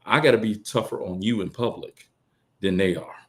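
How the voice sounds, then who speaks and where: A middle-aged man speaking as a podcast guest, telling colloquial stories, acting out other people's lines, and swinging from loud bursts to hushed asides. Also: on the low side, normal speed. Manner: colloquial, quotes others in character. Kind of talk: casual storytelling on a podcast.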